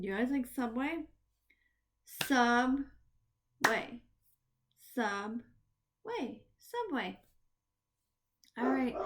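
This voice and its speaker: Slow, gasping kindergarten teacher woman. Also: on the high side. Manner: slow, drawn-out words with excited gasps. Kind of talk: early literacy lesson for young children.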